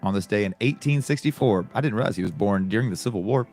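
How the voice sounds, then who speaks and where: A man's voice: lowish voice, lively intonation, quick pace, darkish tone, faint music behind. A man co-hosting a casual podcast, reading this day's history items with chatty asides. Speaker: podcast co-host. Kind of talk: casual chat.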